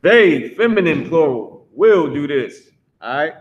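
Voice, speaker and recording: A man teaching a live online language class, drawing out drilled words slowly and talking bluntly. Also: a little high, sing-song, muffled recording. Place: Philadelphia.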